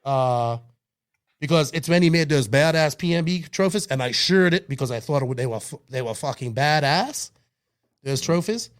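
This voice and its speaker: A man's voice: on the high side, normal speed, clean tone. A man co-hosting a hobby podcast, talking in a heated, emphatic way that is full of swearing and restarts. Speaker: podcast co-host. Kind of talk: casual podcast chat.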